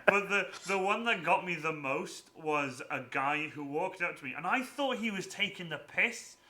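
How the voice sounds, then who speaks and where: A man chatting on a live stream, telling cosplay stories with lively laughter. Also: sits high, normal speed, crowd noise. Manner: animated storytelling, laughs often. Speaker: Twitch stream host asking cosplay questions. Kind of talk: casual chat.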